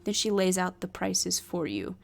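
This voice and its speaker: A woman's voice: on the low side, sing-song, normal speed, gravelly. Woman narrating a solo tabletop adventure. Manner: chatty, thinking aloud between narration.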